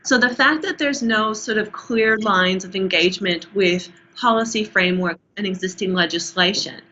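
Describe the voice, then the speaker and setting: An Australian woman researcher giving a measured, explanatory answer in an academic interview, with frequent restarts. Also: mid-range voice, sharp tone, slight background noise. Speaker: urban planning researcher, interview guest. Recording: muffled, dull audio.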